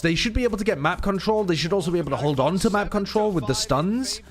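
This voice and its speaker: Animated joking esports co-streamer man. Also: high-pitched, moderate pace, faint music behind. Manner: joking, animated, laughs often. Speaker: watch party co-streamer. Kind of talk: casual esports watch-party chat.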